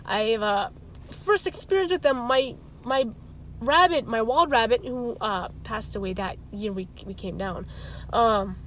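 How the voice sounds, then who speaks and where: A woman vents in a casual vlog with a fairly high voice, rambling and restarting as her frustration shows. Car and street noise run clearly beneath her, as if she is recording in or near a parked car outdoors. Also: measured pace, poor audio. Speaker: vlogger. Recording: traffic and car noise behind. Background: car and street ambience.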